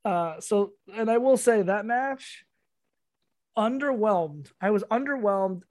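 A man's voice: high-pitched, animated, takes it slowly, a little mellow. A man co-hosting a podcast, rambling and swearing through casual chat, laughing often. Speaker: podcast co-host.

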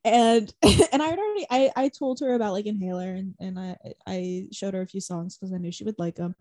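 In a fairly quick, mellow mid-range voice with no room sound, a young woman on a podcast recounts a concert in casual chat. As co-host she rambles, leans heavily on "like," swears and laughs frequently.

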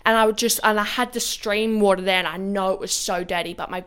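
A woman's voice: mid-range voice, steady tone, fast, fairly bright tone, clean tone. Rambling young woman. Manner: rambling, heavy on "like" and swearing. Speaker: podcast co-host. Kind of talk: casual storytelling chat.

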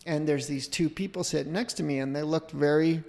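A middle-aged man shares an anecdote as a podcast guest, his voice gravelly and a little high. He rambles and interrupts himself, animated as he tells it. A long hall reverb hangs on every phrase. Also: a little fast. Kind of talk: casual storytelling.

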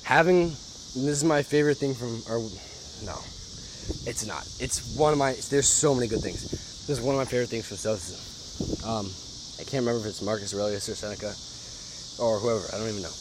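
A man's voice: mid-range voice, brisk, pauses often, background noise. A young adult man hosting a podcast, talking casually and emphatically, swearing and laughing often. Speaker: podcast host. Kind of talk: casual motivational monologue.

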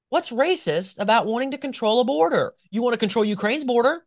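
A man hosts a political commentary show, talking with sarcastic, animated emphasis and mocking asides. His pitch swings widely as he argues. The sound is dry and close. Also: a little fast, hardly any pauses, no room sound.

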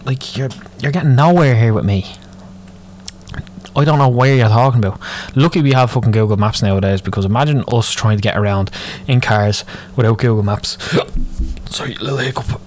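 A man's voice: mid-range voice, brisk, a little mellow. Sweary Dublin man ranting. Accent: Irish, Dublin. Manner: moaning, sweary, rambling. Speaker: podcast host. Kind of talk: solo ranting podcast.

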